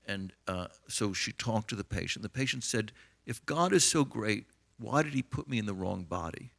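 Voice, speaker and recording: A man's voice: on the low side, expressive, moderate pace, gravelly, a bit bright. A middle-aged American man, an author and physician, tells anecdotes with many fillers and retold dialogue in a conversational interview.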